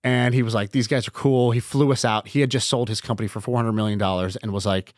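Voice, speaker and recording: Guest, male, rapid casual storyteller, dry close mic. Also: mid-range voice, no room sound. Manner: animated, acts out quoted dialogue. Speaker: podcast guest.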